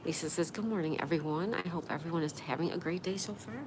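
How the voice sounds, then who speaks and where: Hosting a casual livestream, a woman reads her viewers' comments aloud in a chatty, friendly way. She talks fast in a voice on the low side, and there's background noise.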